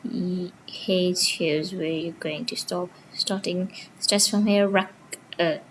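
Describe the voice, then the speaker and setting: A woman's voice: lowish voice, fairly even intonation, slow pace, a little hiss or hum, poor audio. A woman teaching linguistics in a casual lecture, walking through her slides point by point, with small grammar slips.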